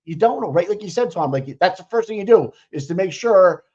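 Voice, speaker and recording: A man co-hosting a casual chat, excitable and swearing freely as he reacts. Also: high voice, fairly quick, husky, highs cut off. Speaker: co-host. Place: home, watching remotely.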